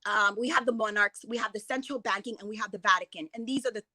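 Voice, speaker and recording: A woman's voice: mid-range voice, fast talker, bright, forceful tone, no echo. A woman giving an impassioned, emotional talk as a guest speaker, rambling and restarting her sentences as she goes.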